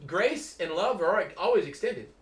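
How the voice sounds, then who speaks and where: A man, a Christian teacher, telling stories in a casual, animated way and acting out the voices of the people in them. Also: high-pitched, moderate pace, reverberant, recorded from a distance. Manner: animated, acts out quoted voices. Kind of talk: casual storytelling talk.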